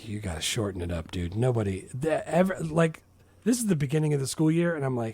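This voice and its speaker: A man's voice: medium pitch, expressive, a little fast, a little mellow, husky. A man who works as a teacher, co-hosting a casual movie podcast and tossing in jokey asides with frequent laughs. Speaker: podcast co-host.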